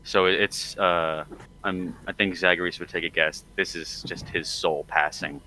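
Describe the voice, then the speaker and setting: A man's voice: low-pitched, steady tone, sharp tone, a little hiss or hum, poor audio. A man playing a tabletop game who stumbles and repeats himself as he speaks. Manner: halting, stumbles over words. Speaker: player. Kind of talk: tabletop role-play chat.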